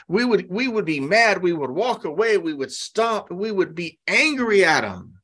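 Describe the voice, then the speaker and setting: A man's voice: high voice, very animated, moderate pace, a bit bright. A male pastor preaching a sermon in a conversational way, asking rhetorical questions and acting out quotes.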